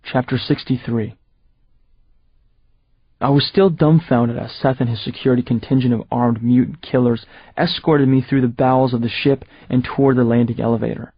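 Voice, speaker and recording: A man narrating a first-person audiobook in a steady, measured storytelling voice. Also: mid-range voice, husky, no echo, lo-fi sound.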